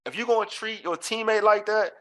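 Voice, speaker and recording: Man, sports talk host, slightly high voice, emphatic, repeats himself. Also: brisk, pushed and bright. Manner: emphatic, repeats phrases for effect. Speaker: podcast host.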